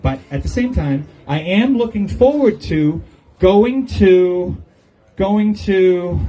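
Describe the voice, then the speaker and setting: Older man telling jokes in a farewell speech, lively rising-and-falling delivery, slightly high voice, chuckles at his own lines. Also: slow, some chatter behind, rough recording. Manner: joking storyteller who chuckles at his own punchlines. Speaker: departing resident giving a farewell speech. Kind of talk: humorous farewell speech to a gathering. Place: outdoor golf club patio.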